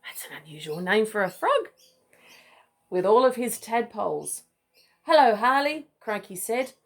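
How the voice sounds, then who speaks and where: Mum reading to her kid, lively up-and-down voice, playful asides. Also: medium pitch, normal speed, vocal fry. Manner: playful, chatty asides and laughs. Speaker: mother reading to her child. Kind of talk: reading a picture book aloud.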